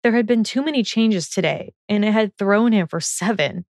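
A woman's voice: mid-range voice, moderate pace, no room sound, studio quality. Woman narrating a fan fiction audiobook.

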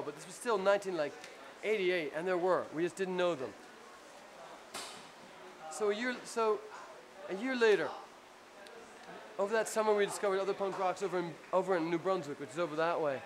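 A man with a New Jersey accent telling a rambling, profane story in a casual, animated way after a show. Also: sits high. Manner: profane, rambling, animated anecdote with acted-out quotes. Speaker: punk band frontman telling a story. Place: crowded club after a show. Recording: noisy live club recording.

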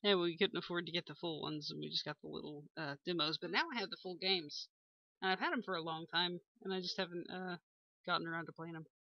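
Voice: mid-range voice, fairly even intonation, fast, gravelly, no echo, highs cut off. Rambling young gaming-channel host. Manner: rambling, many ums and uhs, chuckles often. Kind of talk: casual gameplay commentary. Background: faint game music.

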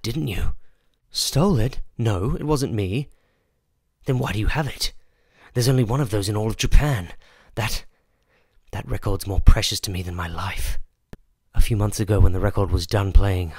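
Irate shop owner in a horror storybook, accusing, insistent, deep and dry, as a man reads him. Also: breathy edge, no echo. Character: angry middle-aged male record shop owner.

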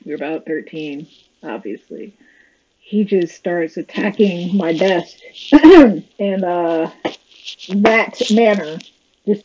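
Woman host for a watch-along reaction, sarcastic and exasperated, lively swooping delivery, mellow tone, slightly dull lo-fi audio with faint hiss. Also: fairly low pitch, slow pace, pauses often. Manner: sarcastic, exasperated running commentary. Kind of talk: casual watch-along commentary.

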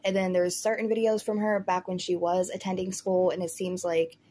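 A woman's voice: on the low side, little pitch movement, moderate pace, dark tone, husky. A woman hosting a casual commentary vlog, talking in a chatty, rambling way full of "like" and "you know". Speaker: commentary host.

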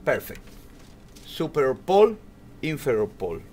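A man giving a calm, step-by-step ultrasound demonstration in an exam room, with non-native English phrasing. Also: medium pitch, moderate pace, slight background noise. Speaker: ultrasound instructor.

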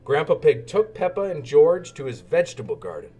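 A man reading a children's storybook aloud in an expressive, sing-song way. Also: on the high side, brisk, husky, faint music behind. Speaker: narrator.

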